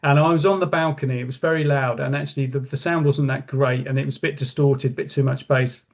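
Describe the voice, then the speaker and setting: A man's voice: mid-range voice, steady tone, fast, muffled recording. A man, a company director, speaking casually as a webinar guest, rambling with many fillers and restarts.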